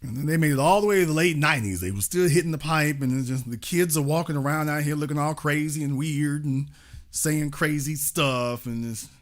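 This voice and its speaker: A man hosting a call-in show, speaking, mocking and exasperated, swinging between loud jabs and low mutters. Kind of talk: heated call-in commentary.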